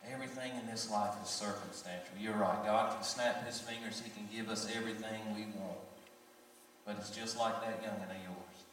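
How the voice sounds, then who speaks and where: A man preaching a sermon, swinging between loud raised passages and quiet low asides. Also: steady tone, normal speed. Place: church sanctuary. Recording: echoey church hall from far off.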